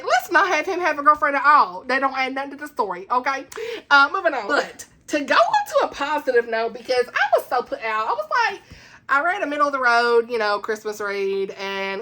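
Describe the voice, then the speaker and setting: A woman giving a casual, chatty book review at home, animated and laughing, with dramatic asides. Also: fairly high pitch.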